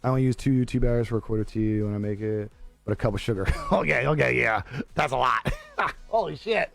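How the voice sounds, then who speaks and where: A man's voice: medium pitch, brisk, gravelly, fairly bright tone, faint music behind. A young man live streaming, chatting casually with viewers in a laid-back, profane way and laughing often. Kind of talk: casual chat reading viewer comments.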